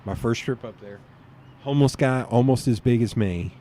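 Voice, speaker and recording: A man with a Southern US accent tells long, wandering stories in a casual chat. He laughs often and keeps jumping from one point to the next, talking at an ordinary middle pitch, with a faint hum behind him. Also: normal speed, warm tone. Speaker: podcast guest.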